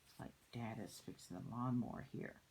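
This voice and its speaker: An older woman reading a children's picture book aloud, soft-spoken and often slipping into a whisper. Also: rumbling low, moderate pace, slight background noise, low-quality recording.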